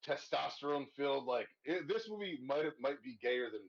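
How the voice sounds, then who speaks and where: A podcast host with a gravelly, medium-pitched voice talks briskly and animatedly through a horror movie with his co-hosts. He rambles, swears freely, and laughs a lot, and the recording sounds dull and lo-fi.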